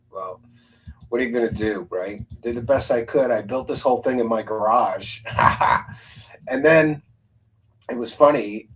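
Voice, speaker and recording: A man's voice: medium pitch, low-quality recording. Rambling casual male stream host. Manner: rambling, laughs, thinks aloud, reads a synopsis. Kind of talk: casual live-stream chat.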